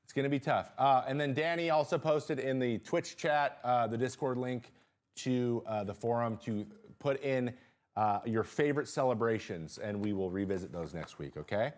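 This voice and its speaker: A man hosting a casual live-stream chat from a small studio, animated, jumping high in pitch when he reacts, with lots of fillers and restarts. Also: normal speed. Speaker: host.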